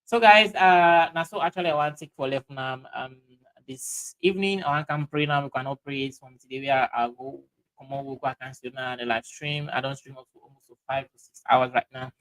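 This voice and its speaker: Man, Sierra Leonean Krio accent, livestream host, halting, lots of fillers, mid pitch. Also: a bit bright, low-quality recording. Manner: halting, many fillers and restarts, mixes Krio and English. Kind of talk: casual livestream talk, reading viewer comments.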